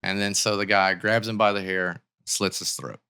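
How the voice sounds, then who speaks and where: A man's voice: fairly low pitch, little pitch movement, moderate pace, pushed and bright, clear, resonant tone. A man as a podcast guest, telling a long personal story in casual conversation, with many likes and restarts.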